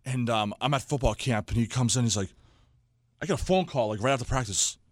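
A young man, co-hosting a casual sports chat and telling animated stories with acted-out quotes. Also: medium pitch, fast, no room sound, studio quality. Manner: animated storyteller, acts out quotes. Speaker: podcast co-host.

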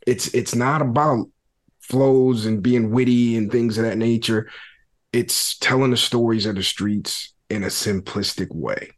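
A man hosting a podcast, laying out his theories in a thoughtful, relaxed conversational way. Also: medium pitch, measured pace. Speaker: podcast host. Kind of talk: casual conversation about hip-hop.

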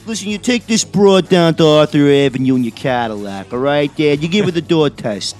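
A man's voice: fairly high pitch, animated, fairly quick, a little mellow, soft background music, close to an everyday voice. A man putting on a crude older uncle, handing out bossy advice. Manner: brash, bossy. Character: crude older Italian-American uncle giving dating advice.

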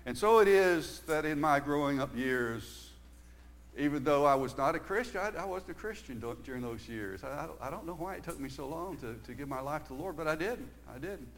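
An older man preaching a sermon, earnest, moving between emphatic stresses and quiet, hushed stretches. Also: fairly high pitch, lively intonation, brisk. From Southern United States.

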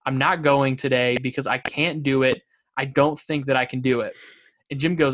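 A man's voice: mid-range voice, fairly even intonation, normal speed, a bit bright. A man co-hosting a podcast, chatting casually and reading out funny quotes from a show with a laugh. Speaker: podcast co-host. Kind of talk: casual chat.

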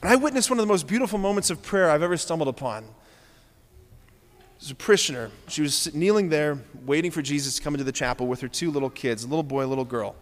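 A high-voiced man preaching a sermon as a Catholic priest, his earnest words driven home by repeated phrases. He speaks with building passion. The long reverb of a large church trails after each line. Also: fast talker.

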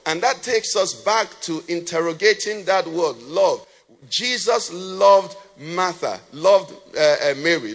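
A pastor with a somewhat high, slightly bright voice preaches in a church hall. He poses questions to the congregation and lets them fill in the ends of his sentences, all under a long church reverb.

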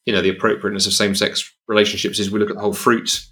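A man's voice: fairly low pitch, level tone, very fast, bright, forceful tone. A man speaking as a podcast guest, earnest and emphatic, often restarting his sentences. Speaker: guest, evangelist. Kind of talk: conversational podcast discussion.

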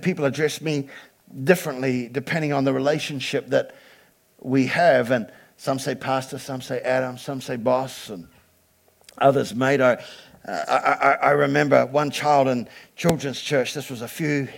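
Gravelly-voiced pastor preaching a sermon. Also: male voice, mid-range voice, fairly even intonation, normal speed. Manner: builds from chatty storytelling to loud emphatic preaching.

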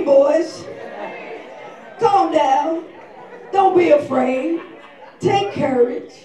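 Woman pastor, very high and animated voice, slow preaching, recorded far off in a big echoey hall with a faint congregation behind. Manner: lively storytelling, acts out quotes in slangy voices; preaching, often shouting. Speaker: senior pastor. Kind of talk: sermon.

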